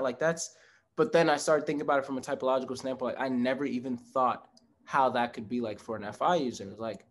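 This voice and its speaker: Brief: man guest, mid-pitched voice, earnest and reflective, laughs easily, casual chat. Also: fairly even intonation, a little fast. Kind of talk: casual conversation.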